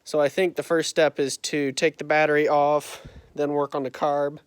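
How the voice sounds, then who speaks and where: A man's voice: on the high side, flat delivery, normal speed, smooth, no echo. A man vlogging about fixing an old tractor, his voice muffled by a face mask, rambling with unsure asides and self-corrections, recorded on a phone in a farm building. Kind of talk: casual talk to camera. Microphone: phone camera.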